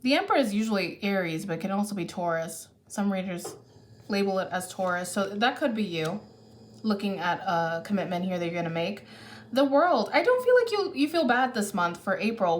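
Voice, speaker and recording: A woman's voice: medium pitch, expressive, a little fast. A woman giving a casual tarot reading who thinks aloud and corrects herself as she goes, caffeinated. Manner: chatty, thinks aloud, restarts and self-corrects. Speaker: tarot reader.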